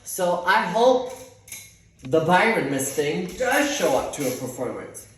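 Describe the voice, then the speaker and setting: Male theater teacher, dramatic sassy storyteller, slightly high voice, echoey off-mic sound. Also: measured pace, recorded from a distance, a little hiss or hum. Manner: animated, dramatic, sassy asides. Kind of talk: casual storytelling.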